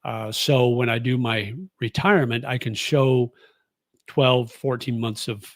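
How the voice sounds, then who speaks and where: A man's voice: mid-range voice, fairly even intonation, a little slow, dry recording. A man in his sixties with a mid-range voice, talking in a loose, rambling way full of fillers and restarts. The sound is close and dry, with no room around it. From United States. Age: 60s. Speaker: vlogger answering viewer comments. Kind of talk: casual chat.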